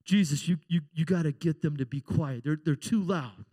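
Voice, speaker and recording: A man voicing fretful Pharisees who beg for a noisy crowd to be hushed. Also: on the high side, moderate pace, pitched below the performer's own voice, lightly acted. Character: fussy Pharisees hushing a crowd.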